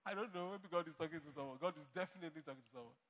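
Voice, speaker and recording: High, bright emphatic preacher. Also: male voice, very fast, long reverb tail, slight background noise. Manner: emphatic preaching, mock dialogue. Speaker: pastor. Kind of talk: sermon. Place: church.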